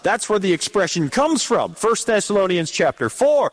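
A middle-aged man preaching a sermon, dramatic and animated, drawing out key words in a sing-song way. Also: high voice, moderate pace, few pauses.

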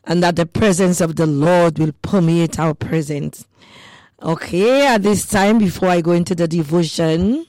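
A woman hosting a radio devotion, praying and preaching with slow, emphatic rhetorical questions. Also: on the low side, darkish tone, no echo. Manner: fervent preaching with prayers and scripture.

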